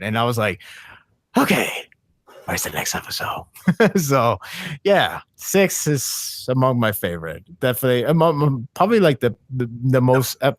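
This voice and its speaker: A man chatting on a podcast in a voice of middling pitch, recorded dry and close with no room sound. He rambles eagerly, stumbling through restarts and fillers as his excitement builds. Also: dry recording. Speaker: podcast co-host. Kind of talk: casual podcast discussion.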